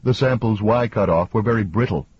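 A husky-voiced man reading an audiobook, voicing a level-headed woman scientist in a matter-of-fact tone, a little higher than his own voice. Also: brisk, dry recording, highs cut off. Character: Catherine, a woman crew scientist, level and factual.

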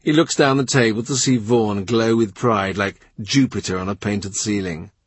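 Field: audiobook narration. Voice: husky man. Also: lowish voice, moderate pace. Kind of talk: scripted literary narration.

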